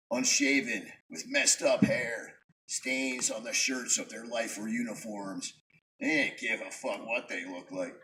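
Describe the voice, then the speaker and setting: Man from New York, live poetry reader, bright forceful tone, dry wry delivery, mic at a distance with faint room hum. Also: mid-range voice. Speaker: performance poet. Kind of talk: live spoken-word poetry reading. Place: live venue before an audience.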